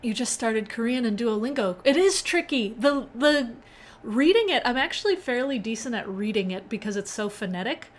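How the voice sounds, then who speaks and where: With a slightly high voice and lively intonation at a moderate pace, a young woman hosts a casual live-coding stream. She talks freely with viewers, reads out the chat and laughs frequently.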